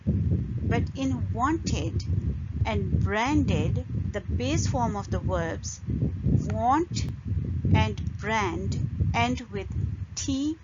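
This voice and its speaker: A woman giving an English pronunciation lesson, explaining rules slowly and modelling words with pauses between phrases. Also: fairly high pitch, lively intonation. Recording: dull lo-fi recording with loud noise.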